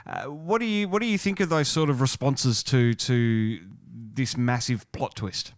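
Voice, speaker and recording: A man co-hosting a podcast, speaking in a halting way, repeating words and posing questions. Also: mid-range voice, no echo. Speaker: podcast co-host. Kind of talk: casual podcast discussion. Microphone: studio microphone.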